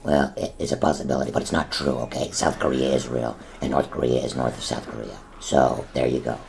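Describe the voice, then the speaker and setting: Brief: man putting on a rumbling, ultra-deep gravelly grouch, snappish and easily riled, comedy banter. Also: steady tone, brisk, a little mellow. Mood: irritated. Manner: grumbling, blustering, snappish. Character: hot-tempered gruff man, easily riled.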